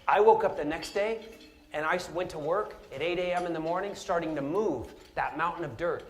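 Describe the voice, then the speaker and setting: High-voiced man telling a story from the stage. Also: brisk. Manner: animated, humorous storytelling with asides to the audience. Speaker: motivational speaker. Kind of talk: storytelling speech. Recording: roomy hall with music behind.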